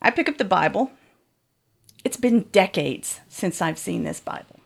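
A woman's voice: mid-range voice, animated, a little slow, creaky, breathy edge. A woman frankly telling a bawdy, comic first-person story.

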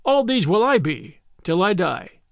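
A man voicing a kind, solemn priest who speaks gently and prayerfully in a storybook reading. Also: sits high, big pitch swings, a little slow, creaky, no echo, clean studio sound, heavily acted. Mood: tender.

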